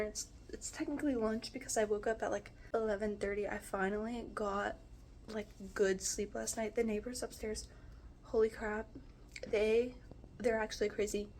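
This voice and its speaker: A woman's voice: a little high, darkish tone, a little hiss or hum. A woman in her twenties from the United States, rambling casually to the camera in a vlog at home, full of "like" and "you know". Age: 20s. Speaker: vlogger. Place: home apartment.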